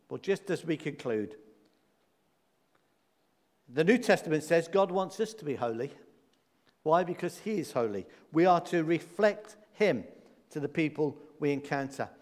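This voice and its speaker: A man preaching a sermon in a church, emphatic, repeating key words and asking rhetorical questions. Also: a little high. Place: church hall. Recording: long church reverb.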